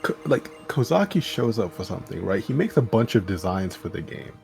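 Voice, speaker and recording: A man's voice: fairly low pitch, fairly quick, creaky. Rambling man on a gaming stream. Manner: rambling, repeats words, animated. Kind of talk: casual gaming stream chat. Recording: faint music behind.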